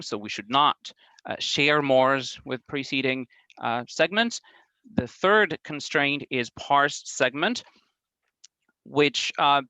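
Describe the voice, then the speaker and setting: Measured man giving an academic talk. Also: mid-range voice, sharp tone, dry recording, rough recording. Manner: careful, measured, with frequent um and uh fillers and restarts. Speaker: academic presenter. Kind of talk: conference talk on linguistics.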